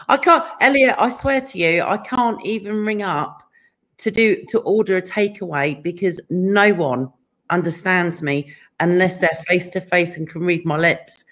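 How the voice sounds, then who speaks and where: A woman's voice: lowish voice, a bit bright. An English woman hosting a casual author interview, chatty and laughing often. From England. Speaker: podcast host interviewing an author. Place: California home.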